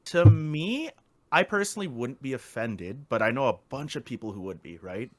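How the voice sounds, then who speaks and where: A man's voice: medium pitch, expressive, moderate pace, dry recording. A man co-hosting a casual podcast chat, rambling with lots of fillers and swearing freely. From Philippines. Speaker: podcast co-host.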